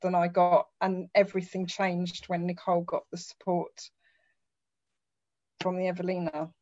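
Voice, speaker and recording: A woman's voice: on the low side, completely flat delivery, normal speed, a little mellow, muffled recording. A middle-aged woman speaking earnestly as a mother about her family's experience. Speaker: parent guest. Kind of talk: personal account.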